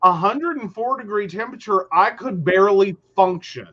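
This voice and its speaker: A man co-hosting a talk show, chatting casually and telling stories with lively quoted dialogue. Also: high voice, normal speed, dull audio. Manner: animated storyteller who acts out quotes. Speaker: podcast co-host. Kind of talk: casual chat.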